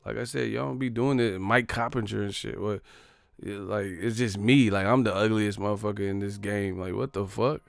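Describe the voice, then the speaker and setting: A man's voice: on the low side, fairly even intonation, normal speed, gravelly, no room sound, studio quality. A man hosting a boxing live stream, ranting in a profane, joking, exasperated way. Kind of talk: casual live-stream rant.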